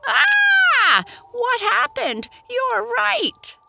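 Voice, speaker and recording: A woman voicing a lonely, grumpy old witch in a read-aloud storybook, sulky and shrill. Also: huge pitch swings, slow, gravelly, heavy background noise, exaggerated voice. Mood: shrieking.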